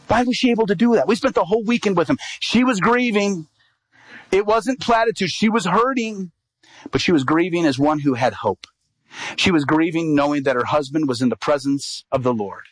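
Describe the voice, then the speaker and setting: Middle-aged evangelist guy preaching a story, slightly high voice, dry close sound, acts out all the dialogue. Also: moderate pace, dry recording, poor audio. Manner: animated storyteller acting out quoted dialogue. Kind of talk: sermon storytelling.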